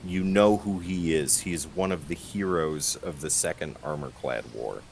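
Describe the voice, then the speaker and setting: A man narrating as game master, relaxed and halting. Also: very deep voice, gravelly, slight background noise, rough recording.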